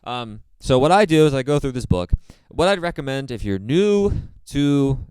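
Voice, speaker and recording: A man giving a casual drum lesson in a relaxed way, with plenty of fillers and repeated phrases. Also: mid-range voice, moderate pace, clear, resonant tone, no echo. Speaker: drum teacher. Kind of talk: casual instructional talk.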